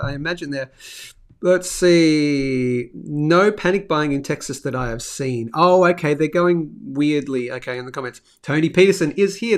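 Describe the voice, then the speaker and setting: A middle-aged man with an Australian accent, hosting a live finance show in a chatty, upbeat way and reading viewer comments aloud. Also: a little high. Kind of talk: casual live-stream chat.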